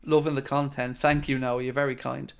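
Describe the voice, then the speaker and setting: Chatty man with a smooth voice. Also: mid-range voice, level tone, fairly quick. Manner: chatty and friendly, with frequent fillers. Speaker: fan channel host. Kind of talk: casual live-stream chat reading viewer comments.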